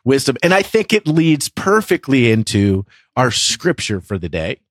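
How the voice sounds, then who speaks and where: A man in his thirties hosting a faith podcast, telling a story in a lively, laughing way. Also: medium pitch, moderate pace, no echo, studio quality. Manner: animated, laughs through his own story. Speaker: podcast co-host. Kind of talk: casual storytelling chat.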